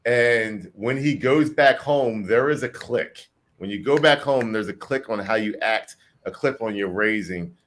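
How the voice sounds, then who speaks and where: A man from New Jersey co-hosting a casual livestream chat, talking in a rambling, animated way and repeating himself. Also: on the low side, measured pace. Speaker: co-host.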